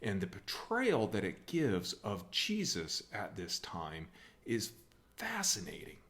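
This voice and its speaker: Man, church speaker, humorous storytelling, low voice, very expressive intonation. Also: slow. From USA. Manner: animated, wry storytelling with laughs. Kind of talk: humorous scripture talk.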